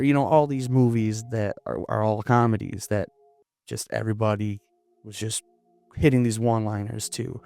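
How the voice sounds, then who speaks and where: A young man from Florida, a comedian guest in a casual interview, talking in a hesitant, halting way with many restarts. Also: lowish voice, gravelly, darkish tone. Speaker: podcast guest, stand-up comedian.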